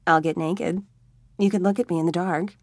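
A woman's voice: lowish voice, fairly even intonation, normal speed, no echo. A woman voicing a young female vampire who is wry, teasing and dryly amused in an audiobook.

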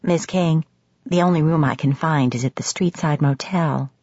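A woman's voice: low-pitched, normal speed, a little mellow, slightly rough, dry recording. A woman voicing a nervous young male hotel clerk who speaks with formal politeness. The recording sounds slightly muffled. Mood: polite.

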